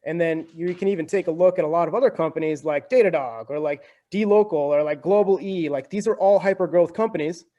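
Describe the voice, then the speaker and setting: Speaking quickly with few pauses, this young podcast guest explains things casually and talkatively, often tacking "right?" and "like" onto his sentences. His voice is on the high side with a dark tone, and the highs sound cut off.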